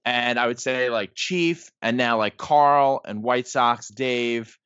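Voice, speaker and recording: A man's voice: medium pitch, takes it slowly, a bit bright, smooth, no room sound. A man in his thirties, a podcast guest, telling stories in a casual, rambling way full of "like" and "um". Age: 30s. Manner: rambling, heavy use of "like" and "um". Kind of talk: casual storytelling. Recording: dull lo-fi podcast audio.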